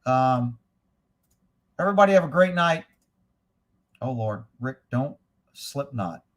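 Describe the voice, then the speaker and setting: Speaking slowly and expressively in a mid-range voice, a middle-aged man runs a casual livestream. He's crude and blunt, joking around and reading viewer comments aloud in profane, relaxed chat.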